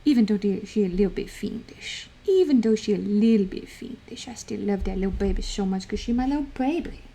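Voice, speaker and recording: A woman's voice: medium pitch, fairly quick, vocal fry, dark tone, breathy edge. A woman livestreamer chatting playfully, slipping into doting baby talk and giggling. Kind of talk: casual stream chat.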